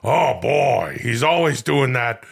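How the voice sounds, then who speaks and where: A man putting on a gruff older movie star's voice, mumbling and repeating one short phrase again and again. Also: mid-range voice, expressive, takes it slowly, pitched below the performer's own voice, full character voice. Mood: musing. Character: gruff older male film star impression.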